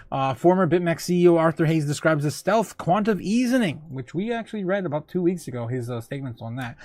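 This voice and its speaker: A man hosting a casual livestream, reading news and chatting with viewers, full of fillers and quick laughs. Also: a little high, darkish tone, dry recording. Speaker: crypto show host.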